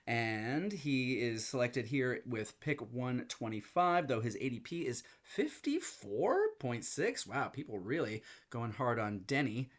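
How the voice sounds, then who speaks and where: A man's voice: mid-range voice, sing-song, a little slow, few pauses. A man giving a casual, chatty breakdown of a fantasy basketball draft, thinking aloud and poking fun at himself as he checks his notes. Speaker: fantasy basketball league commissioner. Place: in London.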